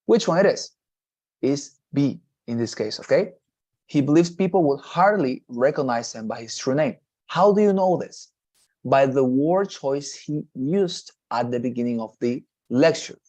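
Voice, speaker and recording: A man's voice: mid-range voice, lively intonation, unhurried, a little mellow. A man teaching test prep, repeating points and checking in with his students as he goes. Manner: repetitive, checks in with "okay?" and "right?". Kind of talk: online class explanation.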